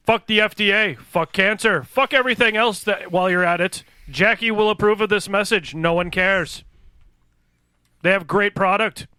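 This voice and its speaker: A man's voice: sits high, pushed and bright, clear, resonant tone, no room sound. Profane joking man. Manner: profane, joking, reads ad copy. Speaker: podcast host. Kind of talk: crude casual chat with friends.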